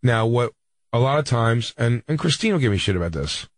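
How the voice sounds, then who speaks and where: A man's voice: mid-range voice, very animated, a little fast, no echo. A man co-hosts a comedy radio show and tells a story in loose banter. He backs up and restarts his sentences as he goes. The mic is close and dry, with no room sound. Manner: rambling, self-correcting storyteller.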